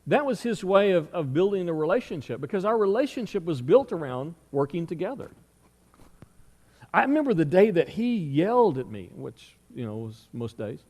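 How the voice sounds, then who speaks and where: A man's voice: high-pitched, very animated, moderate pace, a little mellow. Male pastor preaching in a reverberant hall. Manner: conversational storytelling with rhetorical questions. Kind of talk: sermon. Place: church sanctuary.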